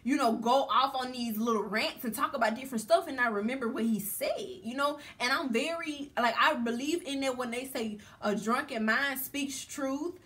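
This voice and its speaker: Woman vlogger, high voice, slangy storytime chatter. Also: a little fast, few pauses, a bit bright. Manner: chatty and slangy, addresses viewers directly. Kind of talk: casual storytime chat.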